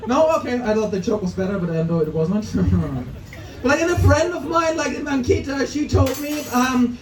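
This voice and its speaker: A man's voice: extremely high pitch, normal speed, a little hiss or hum. Austrian guy in his 40s doing self-mocking standup, sounds far off the mic. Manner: self-mocking, laughs at his own jokes. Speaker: stand-up comedian. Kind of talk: stand-up set. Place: comedy club open mic. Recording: echoey club room, mic heard from a distance.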